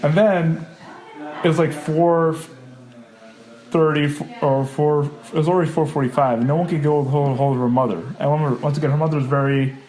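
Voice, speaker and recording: A young man with a somewhat high-pitched voice tells a personal story in a loose, chatty way. He fills his talk with "like" and "you know", and slips into the voices of people he quotes. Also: a little fast. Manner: lively, acts out quoted dialogue, many fillers. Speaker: guest telling a personal story. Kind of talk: casual storytelling.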